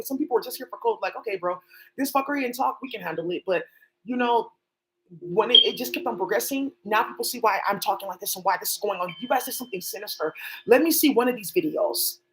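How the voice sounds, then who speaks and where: Solo on a livestream, this woman rambles from one topic to the next, cursing along the way. Her voice is on the high side, and the recording quality is low.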